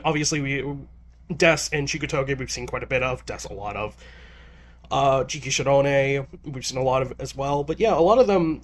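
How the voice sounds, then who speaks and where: A man with a slightly higher voice talks through a manga chapter in a loose, chatty way. He stumbles and restarts often, sounding a little nervous. He keeps a lightly amused tone throughout. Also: a bit bright. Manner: nervous, stammering with many restarts. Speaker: manga reviewer. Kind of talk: casual chapter review.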